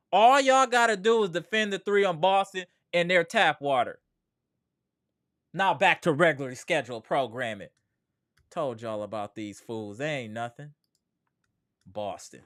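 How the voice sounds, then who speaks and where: High, smooth-voiced man hosting a sports livestream. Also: fairly bright tone, no echo, studio quality. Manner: slangy, trash-talking, greets chat viewers by name. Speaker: sports channel host. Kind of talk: casual livestream chat.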